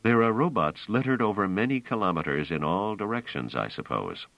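Man playing a weary decisive leader, terse firm commands, deep voice, lively pitch, audiobook, dull sound. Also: a little fast, creaky, dry recording.

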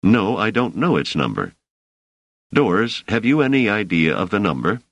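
A man's voice: lowish voice, sing-song, moderate pace, a bit bright, no echo, dull audio, full character voice. A man reading the part of a wary male scholar, dry and mildly exasperated, in an audiobook. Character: wary male scholar, a guest in a strange place.

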